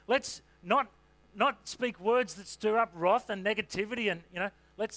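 A man's voice: high-pitched, fairly bright tone, dry recording. A man preaching a sermon in a conversational, humorous way, with asides and fillers. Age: adult parent.

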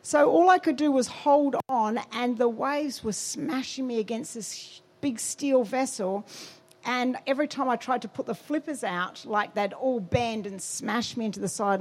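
A woman giving a sermon testimony, telling her story with animated quotes and emphasis. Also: on the high side. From Australia.

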